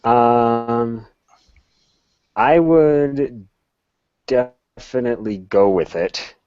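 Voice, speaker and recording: A man playing a tabletop game, measured and a little hesitant as he describes his actions. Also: mid-range voice, clear, resonant tone, no echo, highs cut off. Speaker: player. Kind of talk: tabletop role-play.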